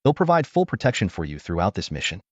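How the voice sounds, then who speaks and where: A hearty, proud veteran warrior of advancing years speaks in a low, commanding tone, as a man reading a novel puts him on. His lines rise and fall with lively swings. The audio is dull and dry. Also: fast, husky, no echo, exaggerated voice. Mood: resolute. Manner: booming, commanding, laughs heartily.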